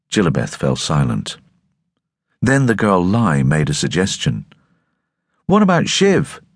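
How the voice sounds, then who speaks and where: Man, audiobook narrator, very low voice, lively pitch, scripted storytelling. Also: breathy edge, dry recording, studio quality. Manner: expressive, measured storytelling.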